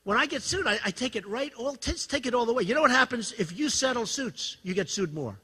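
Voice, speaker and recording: A man's voice: very high-pitched, lively intonation, fairly quick, bright, forceful tone, husky. A man in his sixties giving a campaign rally speech, boastful and repetitive, wandering off topic and asking the crowd questions. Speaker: campaign speaker. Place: event hall with audience.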